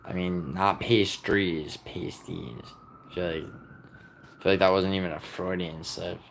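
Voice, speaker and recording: Deep gravelly-voiced young man. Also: level tone, moderate pace, slight background noise. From United States. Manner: rambling, heavy on "like", teasing viewers. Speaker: livestream host. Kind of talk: casual livestream chat reading comments.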